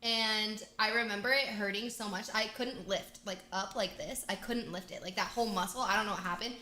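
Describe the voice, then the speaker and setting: A woman hosting a casual game livestream, chatty and bubbly with excited outbursts. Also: mid-range voice, fairly quick. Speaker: livestream host. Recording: echoey room.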